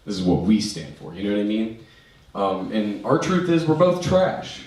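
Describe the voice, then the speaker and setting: A young man doing a stand-up set at a comedy club, telling crude, self-mocking stories with quick asides. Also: fairly low pitch, sing-song. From Maryland, USA. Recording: echoey club heard from far off, noisy.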